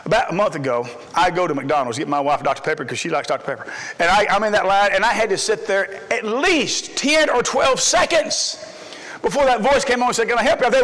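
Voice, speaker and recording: Middle-aged man, high voice, folksy sermon, long church reverb. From Texas. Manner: folksy, storytelling, swings between loud emphasis and low asides. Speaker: preacher. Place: church sanctuary.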